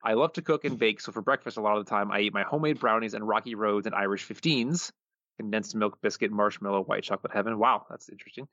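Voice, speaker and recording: A male podcast co-host in casual chat, reading listener answers aloud with a chuckling, quick delivery, on slightly muffled audio. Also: lowish voice, fairly bright tone, dry recording.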